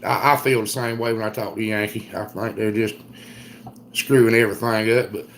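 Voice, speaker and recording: A middle-aged man with an Eastern North Carolina Southern accent, chatting casually on a livestream in a folksy, drawn-out storytelling way. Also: fairly low pitch, steady tone, a little hiss or hum. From Southern United States. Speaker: livestream host. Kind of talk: casual live chat reading comments.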